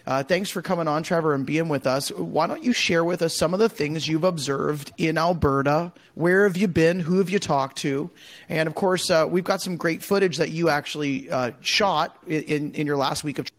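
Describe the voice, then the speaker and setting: A man's voice: on the high side, normal speed. A man hosting a podcast, making upbeat, chatty introductions. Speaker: podcast host. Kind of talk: casual podcast chat.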